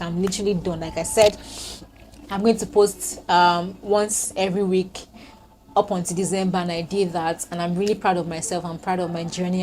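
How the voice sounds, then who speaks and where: A woman's voice: medium pitch, darkish tone. Chatty young woman vlogging to her phone. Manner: chatty and reflective, with many fillers like "like". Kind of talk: casual year-end vlog talk to camera. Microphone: phone camera.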